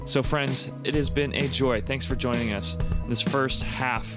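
A man's voice: mid-range voice, fairly even intonation, unhurried, loud music behind the voice. A man co-hosting a faith podcast in casual conversation, playful and enthusiastic, drifting into reflective musings. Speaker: podcast co-host.

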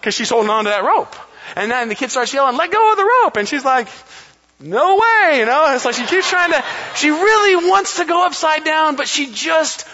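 High bright-voiced male pastor in a hall. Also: a little fast. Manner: animated storytelling with playful acted quotes. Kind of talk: sermon. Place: church sanctuary. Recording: dull, long reverb of a church hall.

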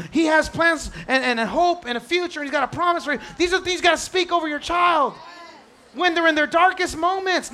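A middle-aged man, a pastor preaching a sermon to his church, building to shouts and repeating words as he drives points home. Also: very high-pitched.

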